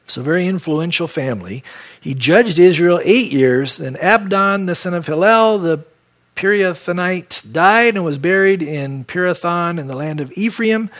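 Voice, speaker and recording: A man's voice: high voice, fairly bright tone. A man from San Diego teaching verse by verse through a Bible passage as pastor, with conversational, folksy asides.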